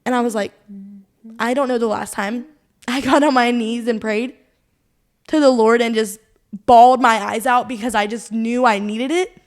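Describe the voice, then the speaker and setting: A woman's voice: on the high side, steady tone, moderate pace, long pauses. A young adult woman co-hosting a casual faith podcast, sharing a personal testimony in an earnest, rambling way, full of "like" and quoted inner thoughts. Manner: earnest, rambling, heavy use of "like"; quotes her own thoughts aloud, laughs often. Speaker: podcast co-host.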